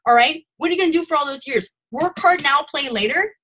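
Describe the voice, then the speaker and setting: Bright rambling young woman on video call. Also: high-pitched, fast talker. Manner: rambling and animated, admits to ranting. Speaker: sales team leader. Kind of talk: motivational team talk on a video call.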